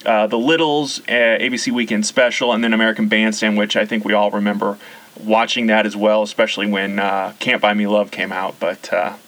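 A man's voice: on the low side, fairly quick. A man in his forties, from the central United States, hosting a casual nostalgic conversation and rattling off lists. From US Central region. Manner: rattles off lists, chatty and relaxed. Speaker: podcast host.

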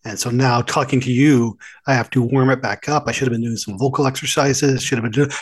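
A man's voice: medium pitch, steady tone, brisk, slightly rough. A man co-hosting a podcast in casual chat, easygoing and prone to tangents. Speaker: podcast co-host.

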